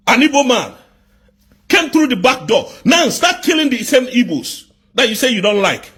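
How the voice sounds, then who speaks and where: A man from southeast Nigeria, delivering an angry political rant full of repeated rhetorical questions and bursts of shouting. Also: very high voice, very animated, normal speed, slightly rough.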